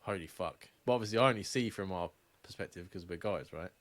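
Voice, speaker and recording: A young man with a deep voice talks fast while co-hosting a podcast. He tells stories in casual, sweary chat and laughs often.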